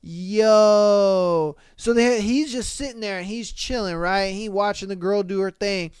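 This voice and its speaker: A podcast host reading listener comments aloud in a casual, animated, slangy way, laughing and swearing often. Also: medium pitch, measured pace, smooth, no room sound, studio quality.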